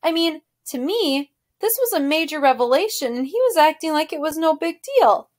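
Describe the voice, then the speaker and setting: A woman, a teacher, reading a novel aloud to her class in a steady storytelling voice. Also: high voice, normal speed.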